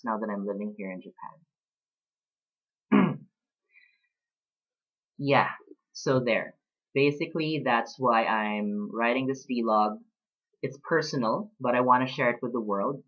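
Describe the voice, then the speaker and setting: A man in his late twenties speaks in a casual personal vlog, thoughtful and unhurried, with frequent pauses and fillers. His voice sits at an ordinary middle pitch. The recording sounds a little dull and lo-fi. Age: late 20s. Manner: reflective, talks about books with pauses and fillers. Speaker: vlogger.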